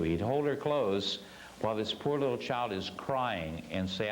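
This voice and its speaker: A man's voice: on the low side, expressive, moderate pace, a little hiss or hum, poor audio. A man teaching a spiritual class, telling a story earnestly and stressing his points with repeated phrases.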